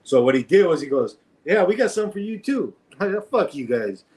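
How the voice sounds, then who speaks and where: Male storyteller, raised voice, laughing, animated delivery. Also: fairly high pitch, brisk. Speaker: guest storyteller. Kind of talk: casual storytelling.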